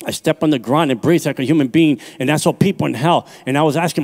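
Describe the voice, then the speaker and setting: A man's voice: a little high, fast, hardly any pauses, a little mellow. Intense evangelist man from New York City. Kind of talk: preaching a personal testimony. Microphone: handheld microphone.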